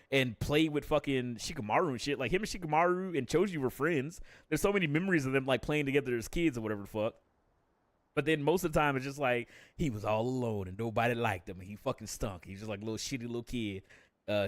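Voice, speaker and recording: A man's voice: medium pitch, fairly bright tone, no echo, clean studio sound. A man ranting casually on a live stream, swearing constantly, laughing often and jumping into quoted character voices.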